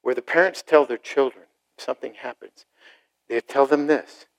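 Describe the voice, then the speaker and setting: A middle-aged man preaching a sermon to a congregation, animated, acting out short mocking voices and asides. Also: mid-range voice, normal speed, gravelly, low-quality recording. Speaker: pastor.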